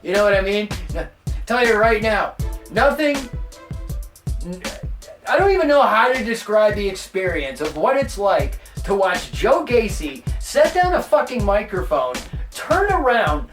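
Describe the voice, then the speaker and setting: A man hosting a podcast, telling a rambling, profane story in a casual, animated way. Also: high-pitched, a little slow, roomy sound, recorded from a distance, faint music behind. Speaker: podcast host.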